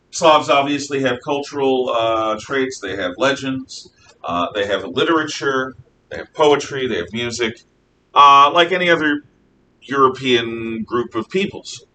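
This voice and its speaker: A man teaching a history class, lecturing in a rambling way with fillers and frequent self-corrections. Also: bright, forceful tone. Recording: echoey room, mic at a distance, faint rumble.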